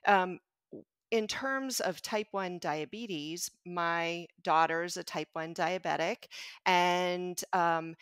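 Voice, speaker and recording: A woman's voice: lowish voice, no echo, studio quality. A middle-aged woman, a pediatrician guest on a podcast, telling a personal story in an earnest, reflective way. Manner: reflective, earnest, animated when quoting others. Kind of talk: conversational storytelling.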